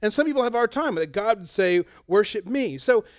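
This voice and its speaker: A man with a high, smooth and resonant voice preaches a chatty, informal sermon. He keeps drifting into asides and quick quoted lines. The sound is dry and close. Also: lively intonation, no echo. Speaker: pastor.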